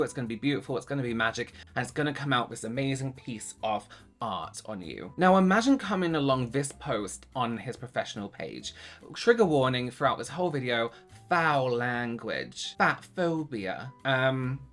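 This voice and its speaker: A man's voice: mid-range voice, a bit bright. A man hosting a reaction video, giving sarcastic commentary on social media posts and reading them aloud.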